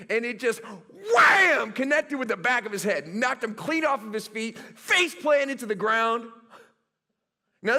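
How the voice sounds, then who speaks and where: A middle-aged male pastor preaching a sermon, telling stories with animated, self-mocking humor. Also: very high-pitched.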